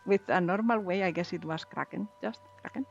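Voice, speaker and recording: A woman chatting casually while streaming a video game, giggly and quick to repeat and restart her words. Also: on the low side, gravelly. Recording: slightly dull lo-fi mic. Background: faint background music.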